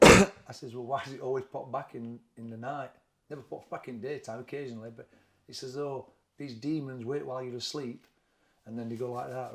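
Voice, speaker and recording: A middle-aged man with a Sheffield accent, talking candidly and haltingly in an interview, often repeating words as he recalls events. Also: mid-range voice, fairly even intonation, a bit bright. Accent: Sheffield, Yorkshire. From England. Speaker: boxing trainer, interview guest.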